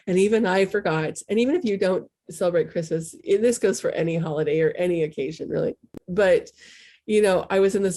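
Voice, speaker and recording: A woman's voice: mid-range voice, steady tone, normal speed, warm tone. A middle-aged woman talking candidly in a casual, rambling way as a spiritual coach hosting a show. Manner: candid, rambling, self-deprecating. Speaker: spiritual coach and podcast host. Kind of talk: casual heartfelt talk.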